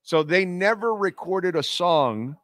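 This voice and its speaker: A man's voice: high voice, animated, slow, fairly bright tone, no room sound. Man, sports radio host, blunt, rambling, lots of fillers, dry close sound. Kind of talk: casual talk radio monologue. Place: casino venue, live broadcast.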